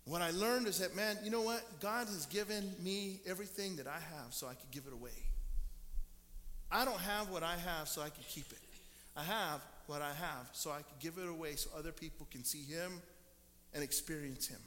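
Man, pastor, sermon, storytelling, high pitch, long hall echo. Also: normal speed, bright, forceful tone, a little hiss or hum. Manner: storytelling, acts out quoted people. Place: church sanctuary. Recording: long church reverb.

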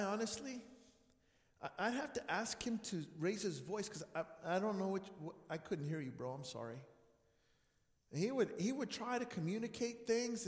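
A high-voiced man preaches with lively, swooping pitch, telling stories and acting out dialogue. He swings from loud bursts to near-whispers. The sound carries a long, echoing reverb from a church hall. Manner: animated, acts out dialogue, swings loud and soft. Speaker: pastor. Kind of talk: storytelling sermon. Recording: echoey room with long reverb.

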